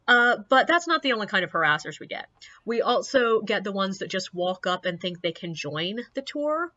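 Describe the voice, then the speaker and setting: A woman's voice: medium pitch, sing-song, normal speed, sharp tone, lo-fi sound. A woman who works as a ghost tour guide, casually telling stories from her job in a chatty, candid way with sarcastic asides. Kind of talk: casual personal storytelling.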